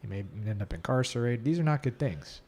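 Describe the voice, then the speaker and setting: Male podcast host with a mid-range voice and an opinionated, lively conversational style. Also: mid-range voice, fairly quick. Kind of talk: casual conversation.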